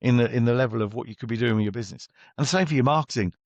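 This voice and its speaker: A man's voice: medium pitch, racing, no room sound, muffled recording. A middle-aged man, a business coach, talking bluntly and chattily as an interview guest and acting out his exchanges with clients.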